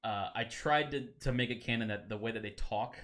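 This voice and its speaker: A man's voice: mid-range voice, a little fast, fairly bright tone. A man co-hosting a podcast in casual, rambling chat, laughing often between thoughts. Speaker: podcast co-host.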